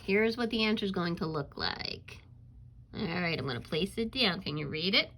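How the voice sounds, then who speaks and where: A woman teacher giving a recorded reading lesson to young children, encouraging them to answer aloud and pausing on "um" fillers. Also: lowish voice, lively intonation, background noise. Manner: coaxing and encouraging, asks pupils to answer aloud; frequent um fillers while explaining.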